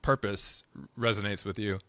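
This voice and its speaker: A man hosting a podcast, asking thoughtful, measured interview questions. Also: lowish voice, little pitch movement, pushed and bright. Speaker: podcast host.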